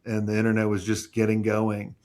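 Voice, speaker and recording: A man's voice: lowish voice, monotone, brisk, darkish tone. A man who owns an agency, talking bluntly and emphatically in a casual podcast conversation and swearing freely. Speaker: agency owner.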